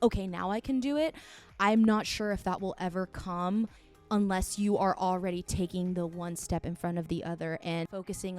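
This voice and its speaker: A woman actress answering viewer questions in an advice vlog, speaking in an earnest, encouraging, direct way. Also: fairly low pitch.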